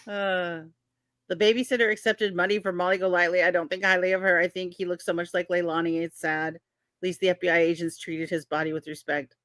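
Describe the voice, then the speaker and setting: A woman's voice: lowish voice, little pitch movement, fairly quick, fairly bright tone, dry recording, studio quality. A woman in her fifties hosting a casual chat, laughing often and telling stories with animation. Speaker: host. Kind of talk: casual chat reading live comments.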